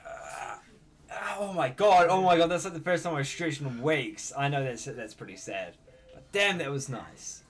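A man's voice: medium pitch, expressive, normal speed, fairly bright tone. A man hosting a casual reaction video, talking to the screen, cheering on the people in it and laughing often.

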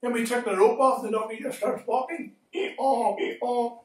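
A man teaching Sunday school, telling a Bible story to children with animated swings between shouts and hushed tones. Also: extremely high pitch, a little fast. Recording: echoey room, far from mic.

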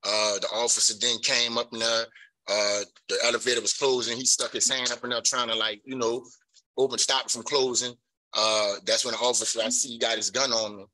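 Bright-voiced middle-aged man. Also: mid-range voice, little pitch movement, fairly quick, low-quality recording. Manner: rambling, earnest, full of "you know". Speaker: parolee at a hearing. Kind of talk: pleading testimony.

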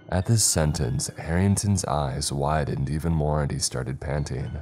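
A man reading a horror story aloud in calm, measured scripted narration. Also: rumbling low, faint music behind.

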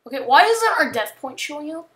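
A woman chatting casually while playing a video game, rambling and joking, with sudden panicked yells. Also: sits high, sing-song, brisk. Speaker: gamer. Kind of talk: casual gameplay commentary.

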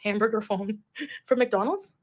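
A woman's voice: medium pitch, unhurried, a little hiss or hum. Giggly woman chatting on a livestream. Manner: giggly, chatty, reads out viewer comments. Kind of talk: casual livestream chat.

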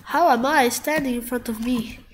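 A woman commentating her gameplay while sick and coughing, excitable, yelping and trash-talking at the screen. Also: a little high, normal speed, a little hiss or hum. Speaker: gamer.

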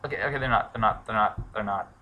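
A man mutters his way through a let's play in a lowish voice with a sharply bright, tense edge. He swears freely and breaks into shouts when danger hits. A faint noise sits under his voice. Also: quick pace. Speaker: gamer.

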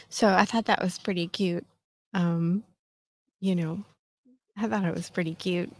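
A woman's voice: fairly low pitch, steady tone, a little slow, pauses often, no echo, clean studio sound. A woman in her fifties hosting a casual solo podcast chat, talking in a chatty, self-mocking way with lots of fillers. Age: 50s. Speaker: podcast host.

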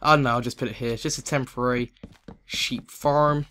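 A man giving excitable let's play commentary, chatting to the animals in the game. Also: medium pitch, normal speed, a little hiss or hum.

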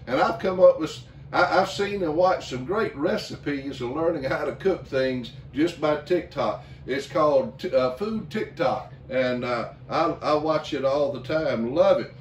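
A male pastor leading a communion service, talking slowly with many fillers and restarts. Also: fairly high pitch, a little hiss or hum. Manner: slow, halting, with many fillers. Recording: echoey room, mic at a distance.

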